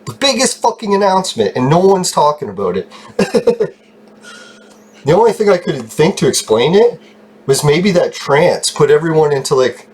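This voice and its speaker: A man telling a long rambling story in a casual vlog, swearing freely, getting excited and laughing often. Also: fairly high pitch, moderate pace, slightly rough. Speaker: channel host telling a story.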